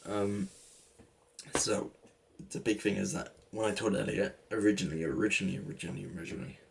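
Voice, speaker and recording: A man's voice: lowish voice, steady tone, fast, vocal fry, noisy background. A young man in his late teens with an English accent, rambling through a casual story with lots of "like" and restarts. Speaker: vlogger.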